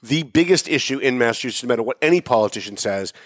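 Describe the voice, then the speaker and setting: Quick blunt guy hosting, pokes at his guest, jokey, dry sound. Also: mid-range voice, lively intonation, no echo. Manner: blunt, joking, challenging questions. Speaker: talk show host. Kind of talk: casual interview.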